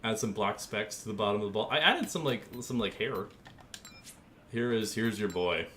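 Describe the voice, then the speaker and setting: Goofy young male streamer with a lively voice. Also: fairly low pitch, moderate pace, slight background noise. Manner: goofy, joking, easily amused, talks to chat. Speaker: gaming streamer. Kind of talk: casual livestream chat while designing a paint scheme.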